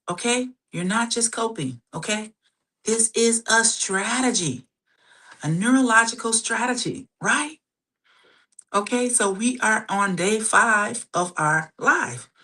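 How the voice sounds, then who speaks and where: Hosting a live stream, a middle-aged therapist speaks at medium pitch, often repeating herself and checking in with "you guys" and "okay?". She turns slow and soft to lead breathing exercises for relaxation.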